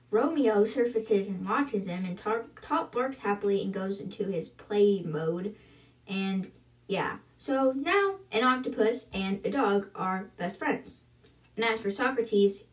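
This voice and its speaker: A woman hosting a book podcast, casually retelling the chapters with lots of fillers. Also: mid-range voice. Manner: chatty, filler-heavy retelling. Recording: roomy, distant from mic.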